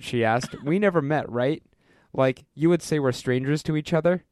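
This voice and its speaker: A man co-hosting a podcast, reading a listener's story aloud with quick changes of voice for each character and frequent laughter. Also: fairly high pitch, lively intonation, dry recording. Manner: reads dialogue with quick voice shifts, breaks into laughter. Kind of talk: casual reading aloud with chat.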